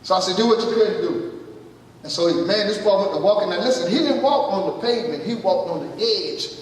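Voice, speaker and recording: A high-voiced pastor preaches a testimony sermon fairly quickly, storytelling and acting out the dialogue while asking "you listening?". He's recorded from far off in an echoey hall with faint noise.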